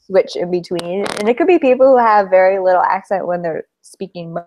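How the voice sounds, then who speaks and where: A woman's voice: mid-range voice, a little fast, a little mellow, slight background noise. Young woman, casual podcast co-host, chatty storyteller, laughs easily. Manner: chatty, tells stories, laughs often. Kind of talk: casual chat.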